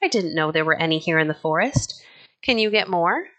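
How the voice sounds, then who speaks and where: A woman reading the part of a kind, steady pioneer mother in a storybook, speaking calmly and gently. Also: on the low side, a little fast. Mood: pleased. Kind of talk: storybook character voice.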